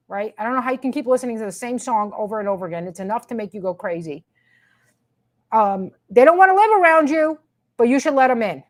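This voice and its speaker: A woman's voice: high-pitched, a little mellow. A woman hosting her own commentary show, ranting with sarcasm and emphatic repetition. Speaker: commentary host.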